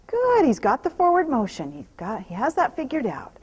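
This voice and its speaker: A woman horse trainer talking out loud while she rides, softly praising the horse and explaining each step. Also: sits high, wildly swooping pitch, normal speed, slight background noise, low-quality recording. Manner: soothing praise to the horse, mixed with quiet running explanation. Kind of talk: narrating while riding.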